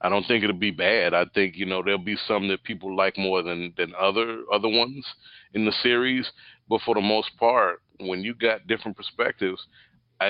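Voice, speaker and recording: Low-voiced man musing on a podcast. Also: no echo. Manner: rambling and thoughtful, many "uh"s and restarts. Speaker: podcast co-host. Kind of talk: casual movie podcast chat. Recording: dull, dry sound.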